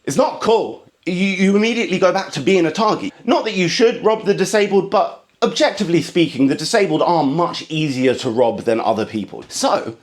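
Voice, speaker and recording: A man with an English accent, telling a comic story in a quick, animated monologue. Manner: animated storytelling, bursts into high mock voices; fast, impatient talker. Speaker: stand-up comedian. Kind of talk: comedic monologue.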